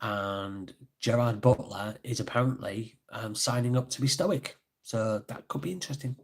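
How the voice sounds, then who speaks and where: A man's voice: medium pitch, moderate pace, gravelly, husky. A man chatting casually on a live stream, rambling and easygoing as he reads out viewer comments. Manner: rambling, laughs easily, reads chat comments aloud. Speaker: livestreamer and author.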